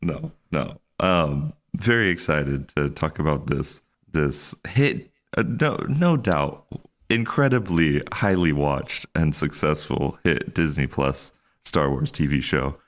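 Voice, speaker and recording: A man with a very deep, low voice hosts a podcast with a loose, joking manner. He hesitates and restarts often, thinking aloud as he goes. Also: takes it slowly. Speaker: podcast host. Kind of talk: casual chat.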